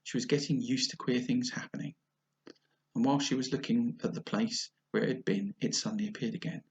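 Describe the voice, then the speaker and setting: A man narrating a classic children's story aloud, expressive, with the odd slip. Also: mid-range voice, a little fast, vocal fry, poor audio. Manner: expressive reading with small slips.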